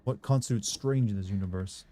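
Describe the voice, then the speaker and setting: A man's voice: fairly low pitch, fairly quick, dark tone, a little hiss or hum. A man from Michigan giving casual let's-play commentary, rambling and chatting with viewers as he plays. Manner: rambling, chats with viewers between gameplay. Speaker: gaming streamer.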